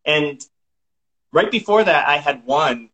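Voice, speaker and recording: Bright-voiced man with a Massachusetts accent. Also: fairly high pitch, lively intonation, slow, rough recording. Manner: chatty, laughs often, restarts sentences. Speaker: guest. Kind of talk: casual podcast chat.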